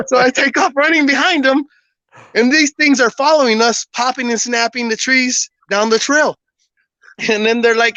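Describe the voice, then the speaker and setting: Bright-voiced man telling a story. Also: very high-pitched, moderate pace, no room sound, highs cut off. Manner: animated, laughs often, acts out dialogue. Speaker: guest telling a personal story. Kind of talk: casual storytelling on a podcast.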